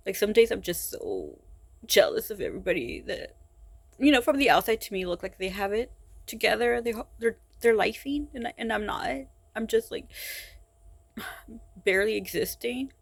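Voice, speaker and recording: A woman speaking in a personal vlog, tired and frustrated, talking haltingly with many sighs and restarts. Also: mid-range voice, expressive, vocal fry, husky, dry recording. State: exhausted and frustrated. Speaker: vlogger.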